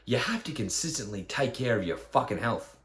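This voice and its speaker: A man's voice: mid-range voice, very animated, a little fast, fairly bright tone. A man, a fitness trainer, ranting bluntly on his podcast with lots of swearing and rhetorical questions.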